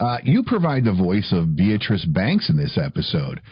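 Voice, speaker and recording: A man's voice: low-pitched, wildly swooping pitch, normal speed, breathy edge, no echo, highs cut off. A man from Albany, New York, hosting a podcast interview in a jokey, storytelling way. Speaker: podcast host. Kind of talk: casual interview chat.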